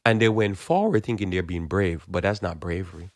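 A Christian preacher gives an informal preaching monologue in a low-pitched, fairly quick voice, recorded in studio quality with no echo. His sermon is blunt and emphatic, and he often repeats words as he builds his point.

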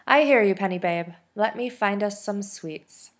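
A woman's voice: mid-range voice, a little slow, lightly acted. A woman voicing a kind but no-nonsense older caregiver.

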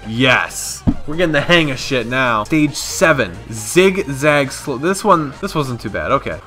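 A young man giving profane, excitable commentary over his own gameplay, talking to himself and yelling at near misses. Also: medium pitch, measured pace, music in the background. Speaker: gaming YouTuber.

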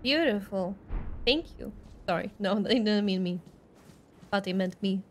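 A woman's voice: mid-range voice, unhurried, a little hiss or hum. A woman streaming a game live, chattering nervously and yelping when startled. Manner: excitable, jumps between nervous chatter and yelping. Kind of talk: live gameplay commentary.

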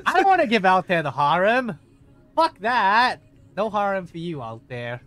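A man chatting casually on stream, excitable and prone to squeals and giggles. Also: high voice, moderate pace. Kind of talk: casual chat.

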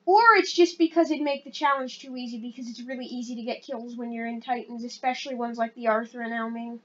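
A woman giving casual, rambling gameplay commentary as a channel host, excitable and self-deprecating. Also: a little high, fast, lo-fi sound.

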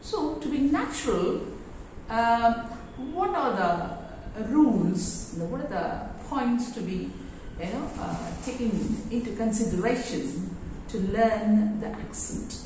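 A woman English teacher giving a lesson in a classroom, halting with many fillers. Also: a little high, animated, a little mellow, slight background noise. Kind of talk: explanatory lesson. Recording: very echoey room, voice far from mic.

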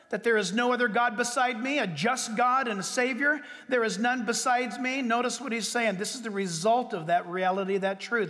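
A man delivers a sermon from the pulpit, his voice sitting very high. He preaches emphatically, jumping in pitch and stretching out words for weight. The sound carries a long reverb from the church hall. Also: a bit bright. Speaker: pastor. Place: church sanctuary.

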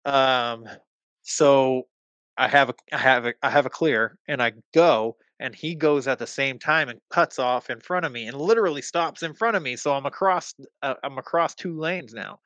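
A man telling a story as a podcast guest, swearing freely and throwing himself into the heated lines he quotes. His pitch sits mid-range for a man. The recording is close and dry, with no room sound. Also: normal speed, no echo, dull audio. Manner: animated, profane, acts out heated quotes. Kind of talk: casual storytelling.

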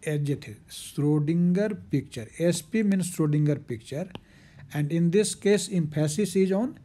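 A man's voice: a little high, warm tone. Man with teaching physics. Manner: repeats key terms slowly, with fillers. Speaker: physics lecturer. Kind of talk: recorded lecture.

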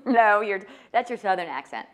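A woman's voice: mid-range voice, sing-song, measured pace. A woman from Chicago co-hosting a cooking show, upbeat and full of questions. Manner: upbeat, asks lots of questions. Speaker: co-host.

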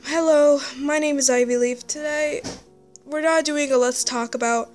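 A young female vlogger talking to camera, sighing often, halting and restarting her sentences. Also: high-pitched, steady tone, darkish tone, soft background music. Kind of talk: emotional vlog to camera.

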